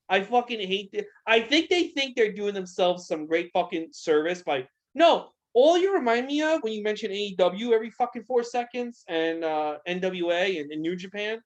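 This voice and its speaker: A man's voice: high-pitched, big pitch swings, moderate pace. A young man co-hosting a casual podcast, ranting heatedly and swearing a lot. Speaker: podcast co-host. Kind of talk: casual wrestling podcast rant.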